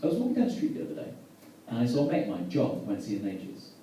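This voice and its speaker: A young British man doing a stand-up set, chatting with the crowd and delivering absurd jokes deadpan. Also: medium pitch, rapid-fire, slight background noise. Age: young adult. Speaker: stand-up comedian. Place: comedy venue with a live audience. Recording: echoey room from far off. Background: audience laughter.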